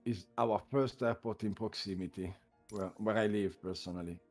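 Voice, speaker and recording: A man's voice: on the low side, fairly even intonation, normal speed, darkish tone. A man with an Italian accent, whose first language is Italian, commenting live on flight-sim landings as a stream co-host and cheering in loose, broken English. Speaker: livestream co-host. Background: music.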